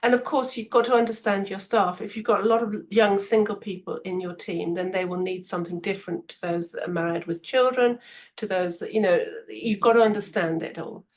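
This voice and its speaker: A woman who's an expert on management, appearing as a podcast guest, tells stories and acts out what people said while giving advice, laughing often along the way. Her voice is medium-pitched and a little fast, with a little hiss or hum in the audio.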